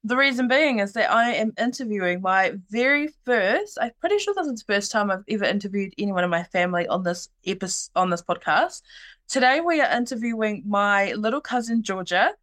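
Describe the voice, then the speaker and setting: A woman's voice: medium pitch, expressive, brisk, a bit bright. A young adult woman, hosting a casual podcast interview in a bubbly, teasing way and laughing often. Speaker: podcast host.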